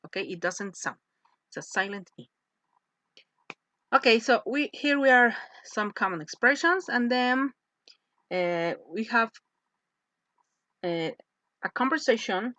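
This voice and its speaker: Slow, bright-voiced woman teaching English. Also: fairly high pitch, animated, no room sound. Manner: slow, patient, repeats and checks with "yes?". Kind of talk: slow classroom lesson with read-aloud phrases. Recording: dull lo-fi voice recording.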